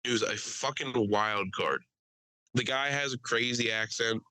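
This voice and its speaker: A man hosting a podcast, telling a story in casual, crude and animated chat. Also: medium pitch, measured pace, no echo, rough recording. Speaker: podcast host.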